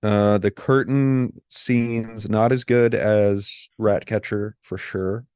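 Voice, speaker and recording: A man's voice: lowish voice, fairly even intonation, slow, darkish tone, smooth, dry recording. Dry-voiced man with sarcastic humor. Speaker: podcast co-host. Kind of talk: casual film podcast chat.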